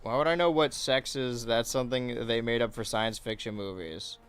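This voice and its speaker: A man's voice: mid-range voice, normal speed, fairly bright tone, clean tone, faint music behind. A man streaming a video game in casual commentary, rambling, swearing freely and reading chat questions aloud. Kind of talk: casual let's-play commentary.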